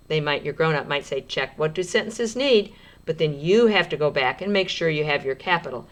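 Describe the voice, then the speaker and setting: A woman teacher giving a writing lesson to young children, sounding out words slowly as she writes and encouraging them gently. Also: low voice.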